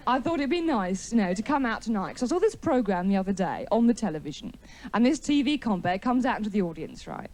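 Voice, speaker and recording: A woman's voice: on the high side, very animated, a little fast, a loud crowd, very noisy. Wry woman doing stand-up. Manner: wry, chatty, mocking, with a live audience laughing. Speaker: stand-up comedian. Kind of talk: stand-up comedy routine. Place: TV studio with a live audience.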